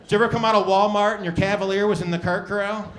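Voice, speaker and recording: A man doing stand-up comedy, loudly riffing with the crowd and swearing freely. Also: high-pitched, steady tone, quick pace, background noise. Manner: loud, profane, riffing with the audience. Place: comedy club stage. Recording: club audience laughing loudly.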